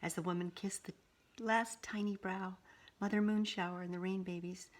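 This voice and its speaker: A woman reading a picture book aloud, pausing now and then to show the pictures to a listener. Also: mid-range voice, steady tone. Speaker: storyteller.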